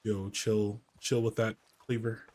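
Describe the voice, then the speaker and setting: A man from the American Midwest chatting casually while he streams a game, answering his chat's questions out loud. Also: on the low side, flat delivery, a little slow, slight background noise. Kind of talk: casual gameplay commentary.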